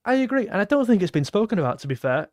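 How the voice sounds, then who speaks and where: A man's voice: sits high, sing-song, very fast, a little mellow, no room sound. A young man hosting a casual football fan livestream, reading out viewer messages and thanking donors in a chatty way. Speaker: football channel host reading donations.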